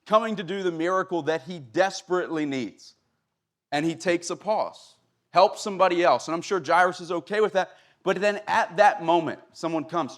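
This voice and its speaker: A young man preaching a sermon, reading scripture slowly and then retelling it in casual everyday speech. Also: fairly high pitch, fairly bright tone.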